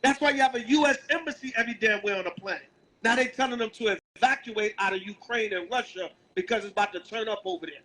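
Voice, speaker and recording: Man, Brooklyn accent, very high voice, street sermon, emphatic, faint noise behind. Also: fast talker, bright, forceful tone, low-quality recording. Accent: Brooklyn, New York. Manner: emphatic, calls out verses, asks "right?" often. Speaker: street preacher. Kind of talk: street sermon with scripture reading.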